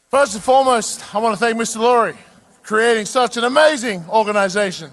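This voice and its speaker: A football player giving a shouted victory speech to a parade crowd, leading a sing-along. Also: male voice, very high-pitched. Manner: hypes up the crowd, drawn-out shouted singing.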